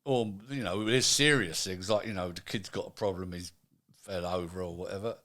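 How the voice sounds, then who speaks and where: Sitting low in pitch with a slightly bright tone, this older man speaks at a normal speed. As a retired manufacturing executive guesting in a casual interview, he's chatty and acts out quoted dialogue.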